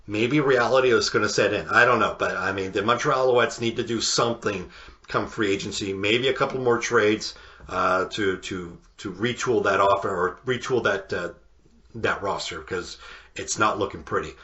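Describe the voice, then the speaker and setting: A man co-hosting a casual sports podcast, talking in halting bursts with many restarts and fillers. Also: fairly low pitch, pushed and bright, muffled recording. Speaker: podcast co-host. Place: home podcast studio.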